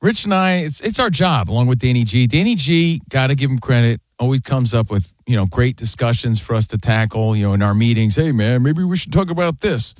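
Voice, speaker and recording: A man co-hosting a sports talk show, arguing and joking in casual, animated banter from a studio. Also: mid-range voice, brisk, hardly any pauses, no room sound. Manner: animated, argumentative, jokey. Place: radio studio.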